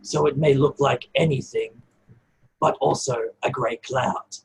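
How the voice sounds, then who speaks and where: A man's voice: medium pitch, steady tone, a little slow, gravelly, a little hiss or hum, rough recording. A man voicing a small, cryptic, smug male goblin scholar.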